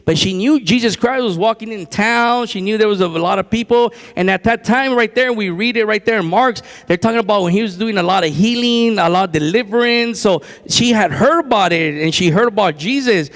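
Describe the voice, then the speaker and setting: A man preaching a sermon in a church, telling the story in a lively way and acting out what people said. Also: high voice, brisk, hardly any pauses. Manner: lively storytelling, acts out quotes with laughs. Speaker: guest preacher. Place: church sanctuary. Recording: long church hall reverb.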